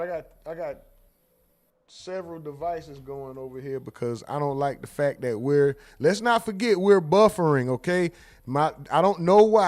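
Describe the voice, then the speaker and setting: A man hosting a livestream in casual chat, telling jokes and acting out exchanges with sudden loud outbursts, speaking. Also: sits high. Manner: animated joking storyteller, acts out exchanges with loud outbursts. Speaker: livestream host.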